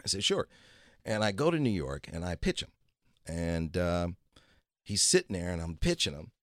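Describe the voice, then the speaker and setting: A man's voice: deep voice, very animated, normal speed, no room sound, studio quality. A man telling a long story as a guest, acting out other people's lines in his own voice and repeating "he goes". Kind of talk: casual storytelling.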